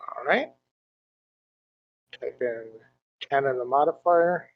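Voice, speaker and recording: A man's voice: mid-range voice, slow pace, no echo, phone-quality sound. A man playing an online tabletop game, unsure and asking how to work the controls. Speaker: player.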